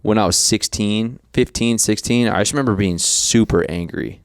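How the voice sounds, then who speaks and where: Low-voiced man in casual podcast chat. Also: normal speed, clear, resonant tone, no echo, clean studio sound. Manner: laughing storyteller, acts out quotes. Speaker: podcast co-host.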